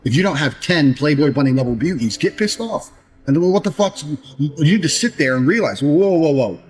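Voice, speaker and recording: A man's voice: fairly high pitch, animated, fairly quick. A man gives a blunt, profane motivational speech and mocks people's excuses. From England. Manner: mocks others by acting out their excuses. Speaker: motivational speaker. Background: faint background music.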